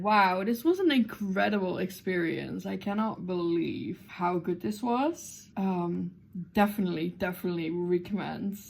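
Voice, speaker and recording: Excitable, gravelly-voiced woman vlogging. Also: mid-range voice. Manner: excitable, swears freely, many fillers. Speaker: book vlogger. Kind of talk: casual chatty vlog to camera. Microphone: camera mic.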